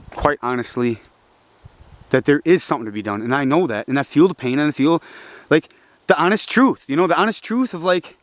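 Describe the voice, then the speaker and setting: Agitated, profane young man ranting. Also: no room sound. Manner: agitated, profane, swings between preachy and low frustrated mutters. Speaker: vlogger. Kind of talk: casual rambling monologue.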